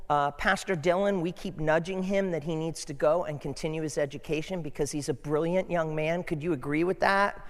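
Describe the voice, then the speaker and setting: A man's voice: high-pitched, a bit bright. A man preaching a conversational sermon as pastor, asking his congregation questions. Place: church sanctuary. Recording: long hall reverb.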